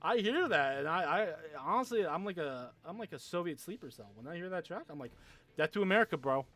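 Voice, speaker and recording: A man's voice: high-pitched, expressive, brisk, fairly bright tone. A young man chatting casually with viewers on a gaming livestream, rambling, swearing a lot and laughing often.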